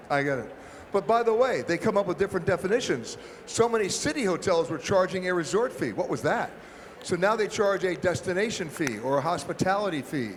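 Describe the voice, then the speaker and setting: High-voiced man telling wry stories. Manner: wry, anecdotal, punchy delivery. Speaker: travel expert panelist. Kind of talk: storytelling panel talk. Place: large expo hall. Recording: echoey expo hall with faint noise.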